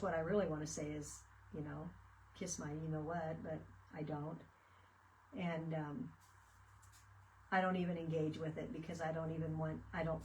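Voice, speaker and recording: A woman's voice: lowish voice, a little hiss or hum. A woman chatting casually as she works on a craft project and tells a story. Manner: chatty, storytelling, laughing fits. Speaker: craft video host. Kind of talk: casual chat while crafting. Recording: voice a bit far from the mic.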